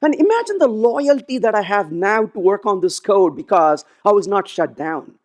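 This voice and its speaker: A man's voice: high voice, normal speed. A man giving a conference keynote, telling stories and acting out the dialogue in them. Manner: animated, acts out dialogue in his stories. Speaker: keynote speaker. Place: conference stage.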